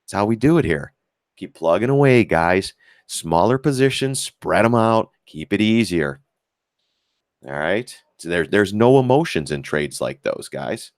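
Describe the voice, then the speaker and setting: A man's voice: fairly low pitch, unhurried, no echo, studio quality. A man giving blunt, profane live-stream commentary on stock charts and talking to viewers as guys. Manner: lively, mocks critics in put-on voices.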